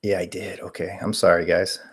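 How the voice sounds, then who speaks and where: With a deep, slightly rough voice that barely moves in pitch, a man in his forties talks briskly on his casual paranormal live stream. He reads viewer questions from chat aloud and meanders through replies stuffed with fillers.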